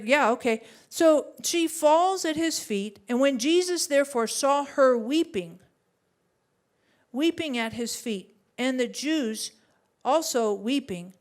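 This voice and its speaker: Middle-aged lady pastor preaching, high voice, chatty and animated with lots of rhetorical questions. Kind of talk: sermon.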